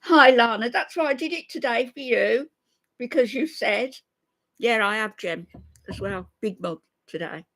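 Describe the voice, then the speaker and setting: A woman's voice: on the high side, unhurried, a bit bright. A middle-aged woman hosting a casual live stream, chatty and greeting her viewers one by one by name. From from an Irish family. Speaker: commentary channel host.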